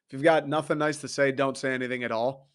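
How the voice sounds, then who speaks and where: A man's voice: mid-range voice, steady tone, quick pace, clean tone. A young man in his twenties hosting a casual sports podcast, ranting, swearing and laughing as he goes. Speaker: podcast host.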